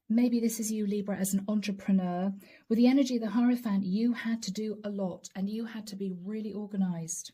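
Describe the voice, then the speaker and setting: A woman's voice: medium pitch, dark tone. A woman giving a chatty, laughing tarot reading with relatable asides. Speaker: tarot reader. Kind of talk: channeled tarot reading to camera.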